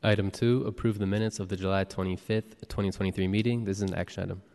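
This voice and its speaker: A man serving as clerk, reading the roll and announcements briskly. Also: deep voice, fairly even intonation, darkish tone. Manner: brisk and procedural. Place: city hall chamber. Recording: long reverb of a hall.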